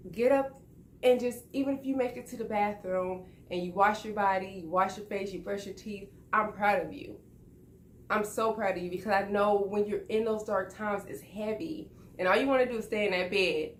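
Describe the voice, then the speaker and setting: Woman, social worker, earnest motivational talk, direct and repetitive, mid-pitched voice, roomy echo. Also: a little hiss or hum. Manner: earnest and direct, repeats words, soothing. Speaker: social worker sharing encouragement.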